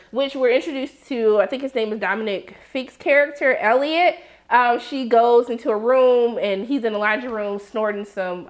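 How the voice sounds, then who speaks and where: A woman with a high voice talks through a TV episode in casual chat. She is animated and slangy, and she acts out bits of the scenes as she goes. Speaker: TV show reviewer.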